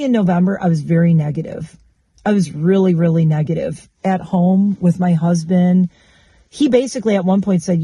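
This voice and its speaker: Candid swearing woman with a dark voice. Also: on the low side, no echo. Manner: candid, blunt, swears freely. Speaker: vlogger. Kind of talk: casual chat.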